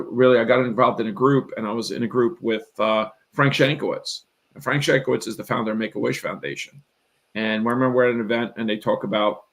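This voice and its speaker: A middle-aged man with a gravelly mid-range voice, heard on a rough recording, tells a long personal story in a live interview. He's a real estate investor and coach, and his telling is earnest, rambling, and emphatic, often acting out what he and others said by quoting himself and them.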